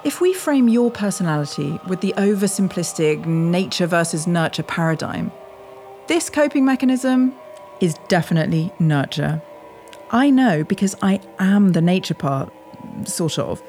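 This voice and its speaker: A scolding inner lizard brain. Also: female voice, on the low side, sing-song, normal speed. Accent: British. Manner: condescending, lecturing, sharp. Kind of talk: audio drama acting. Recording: voice over music bed.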